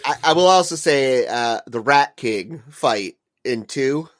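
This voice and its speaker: A man co-hosting a casual podcast, relaxed and agreeable, and cursing now and then. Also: medium pitch, takes it slowly. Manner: laid-back, agreeable, profane. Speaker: podcast co-host.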